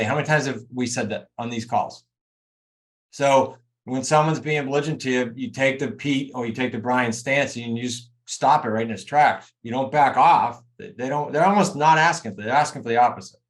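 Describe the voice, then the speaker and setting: A man's voice: medium pitch, a little fast. A man coaching a group over a video call, talking emphatically and straight to his students. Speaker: real estate coach.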